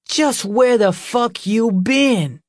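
A man's voice: extremely high pitch, takes it slowly, dry recording, studio quality, voice pushed up. A male narrator voicing a furious heavyset woman who shrieks crude accusations at her man in an audiobook. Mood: furious shrieking.

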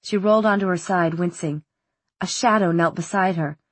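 A woman narrating a novel in a measured, steady way, on a close studio mic. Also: on the low side, husky, no echo. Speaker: audiobook narrator. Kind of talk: scripted narration.

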